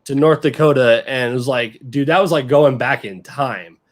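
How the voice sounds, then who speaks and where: A man's voice: mid-range voice, normal speed. A man hosting a podcast, talking in a blunt, profane, laid-back way in casual chat. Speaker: podcast host.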